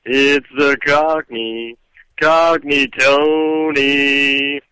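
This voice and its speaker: Brief: a man singing a novelty jingle, smooth and unhurried. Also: mid-range voice, fairly even intonation, bright, forceful tone, no room sound, low-quality recording. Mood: jokey. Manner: sung comic jingle. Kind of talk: novelty theme song.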